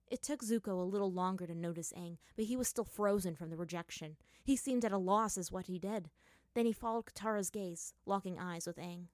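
A woman narrating a fan fiction story in a measured, dramatic reading. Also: medium pitch, dry recording, studio quality.

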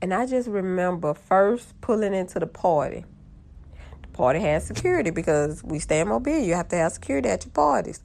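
A young woman, telling a funny story to her viewers in a lively, casual way. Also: lowish voice, brisk, gravelly. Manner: animated, drawling, addresses audience as y'all.

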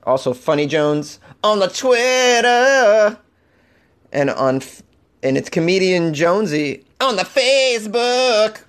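A man hosting a solo comedy podcast, animated and over-caffeinated, swinging from loud jokes to muttered asides. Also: high-pitched, takes it slowly, clean tone. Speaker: podcast host.

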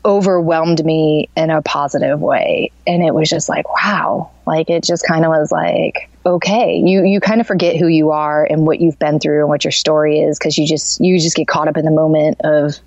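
A woman's voice: sits low, fairly even intonation, normal speed, few pauses, darkish tone, no echo, muffled recording. A woman guest in a casual interview, rambling earnestly and saying "like" often. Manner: rambling and earnest, heavy use of "like".

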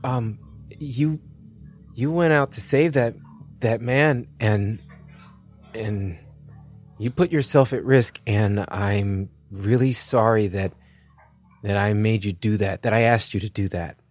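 A man's voice: fairly low pitch, takes it slowly, long pauses, a little mellow, soft background music. A man voicing a flustered young male kid who stammers and trips over his words. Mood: apologetic. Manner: stammering, nervous.

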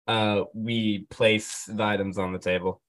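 A man's voice: on the low side, flat delivery, measured pace, a bit bright. A man playing a tabletop game, chatting casually with a dry, joking manner. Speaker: player.

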